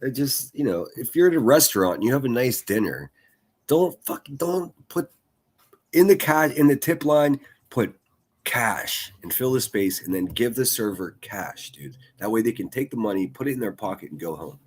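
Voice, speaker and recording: A man's voice: medium pitch, big pitch swings, normal speed, a little mellow, slightly rough. A man hosting a daily news livestream, chatting casually and rambling through the stories with repeated words and the odd swear. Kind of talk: casual commentary over news clips.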